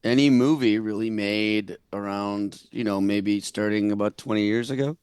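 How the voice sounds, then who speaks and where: A man's voice: lowish voice, moderate pace, darkish tone, smooth, dry recording. A man co-hosting a movie podcast, chatting casually with dry, wry remarks. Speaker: podcast co-host.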